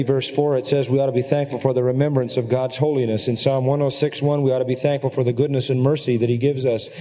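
A man's voice: mid-range voice, dark tone. A man preaching a sermon as pastor, earnestly exhorting his congregation and reeling off scripture references. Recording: long reverb from a large hall.

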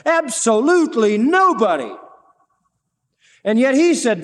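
A high-voiced man preaches an emphatic sermon, firing scripture references and questions at his listeners. His voice rings through a large hall with a long reverb. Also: fairly quick. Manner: emphatic, quoting scripture, asking the crowd questions.

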